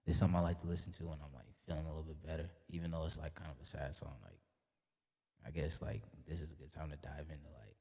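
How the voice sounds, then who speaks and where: A young man speaks in an exceptionally low, husky voice with a dark, mellow tone. He talks in a loose, laid-back way, wandering through his thoughts with plenty of fillers, and a long hall reverb trails behind every phrase. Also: steady tone, fast talker. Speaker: rapper guest. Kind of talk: casual interview chat.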